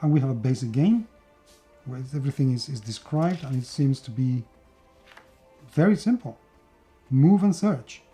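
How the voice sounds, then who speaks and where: A man's voice: medium pitch, animated, normal speed, long pauses, mellow, soft background music. A man from Spain with a Spanish accent, chatting enthusiastically through a board game unboxing with plenty of fillers and restarts. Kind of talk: casual unboxing video.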